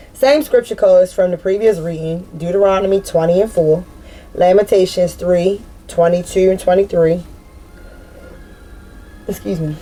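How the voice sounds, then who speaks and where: A woman giving a casual spiritual card reading to her viewers, rambling, excitable and full of slang, breaking into loud laughter. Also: medium pitch, poor audio. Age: adult with a daughter. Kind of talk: casual tarot-style collective reading.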